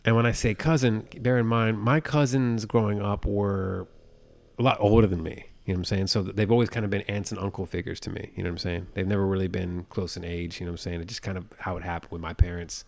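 Gravelly low-voiced podcast storyteller man. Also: steady tone, fast talker. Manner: rambling storyteller who often says "you know what I'm saying". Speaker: podcast co-host. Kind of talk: casual podcast chat.

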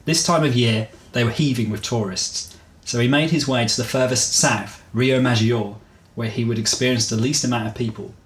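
A man reading his own story aloud to co-hosts, steady and measured, joking between passages. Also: mid-range voice, echoey room, rough recording.

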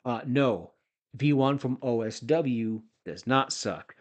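Canadian guy in his 40s doing a wrestling recap podcast, slow and rambly, jokes around. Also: mid-range voice. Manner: rambling, jokey asides and shout-outs. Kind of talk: casual recap commentary.

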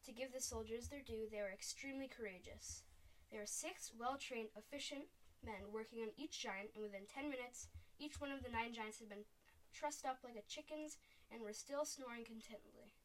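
A woman's voice: fairly high pitch, normal speed, far from the mic, rough recording. Woman reading a storybook expressively. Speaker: narrator. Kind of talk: audiobook reading aloud.

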